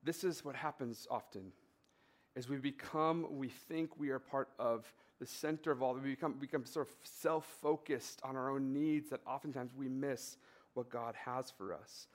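A man's voice: medium pitch, normal speed. A man preaching in an easygoing, conversational way, slipping into anecdotes with casual fillers. He builds to points through repeated, rhythmic phrases. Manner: relaxed storytelling with fillers and emphatic repetition. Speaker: pastor. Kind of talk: conversational sermon with personal story.

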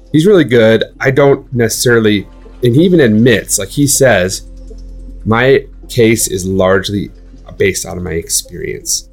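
Young man, lower voice, casual chatty talker who spins lively anecdotes full of filler words. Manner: animated storytelling with many fillers. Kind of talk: casual chat.

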